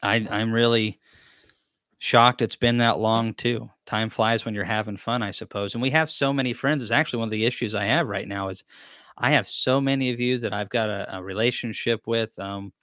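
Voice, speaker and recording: A man's voice: on the low side, steady tone, normal speed, a bit bright, dry recording, clean studio sound. A man hosting a live-stream question-and-answer chat, talking in a rambling, easygoing, self-deprecating way. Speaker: beekeeping channel host.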